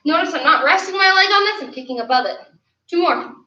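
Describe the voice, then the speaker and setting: A high-voiced woman leads a martial arts class, coaching and counting out each rep. She is heard on a camera mic from across a roomy space, with a dull, lo-fi sound. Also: lively intonation, fast talker, bright, forceful tone, recorded from a distance, a little hiss or hum. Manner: upbeat, coaching, counts reps aloud. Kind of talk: online class instruction. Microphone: camera mic from a distance.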